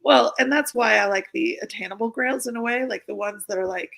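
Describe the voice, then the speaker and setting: A woman's voice: a little high, a little fast, creaky, a bit bright, poor audio. A woman hosting her own live stream, chatting casually and rambling with many fillers and restarts. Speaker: host of a live pin-collecting stream.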